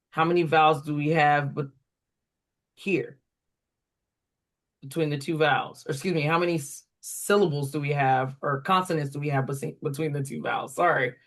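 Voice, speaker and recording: A reading program instructor giving a walkthrough to tutors, deliberately sounding words out syllable by syllable. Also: medium pitch.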